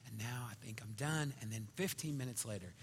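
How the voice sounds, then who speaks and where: Chatty pastor in a reverberant hall. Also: male voice, mid-range voice, brisk, slight background noise. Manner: conversational storytelling, swings between loud and whispered. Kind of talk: sermon.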